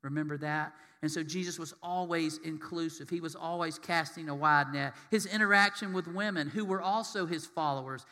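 Male pastor, high-pitched, sermon delivery in a reverberant hall, questions the congregation and acts out quoted voices. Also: pushed and bright.

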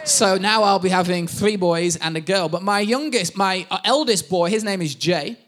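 A man's voice: sits high, moderate pace, fairly bright tone. A man in his thirties, a pastor, preaching a sermon and telling family stories with self-deprecating humor.

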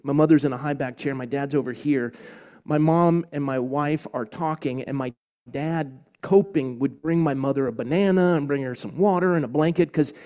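Middle-aged pastor, mellow, dropping to whispers. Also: male voice, fairly high pitch, normal speed. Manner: swings from loud to hushed whispers. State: choked up. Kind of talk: emotional sermon storytelling.

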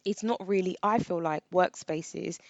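A woman's voice: lowish voice, unhurried, gravelly, no room sound, highs cut off. A woman chatting casually as a podcast co-host, blunt and playfully defensive. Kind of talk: casual chat.

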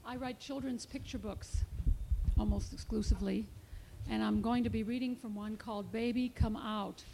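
A woman children's author reading her picture book aloud in a clear, expressive storybook manner. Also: fairly high pitch, moderate pace, background noise.

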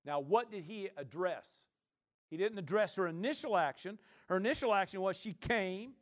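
A man's voice: high voice, animated, moderate pace. A male pastor preaching a conversational sermon, often checking in with his listeners.

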